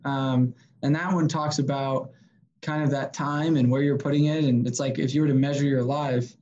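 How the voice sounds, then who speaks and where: A man's voice: mid-range voice, normal speed, muffled recording. A man, a podcast guest and sales consultant, telling stories casually and acting out the voices of people he quotes, with some swearing. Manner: animated, swearing, acts out quoted dialogue. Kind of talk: casual storytelling interview.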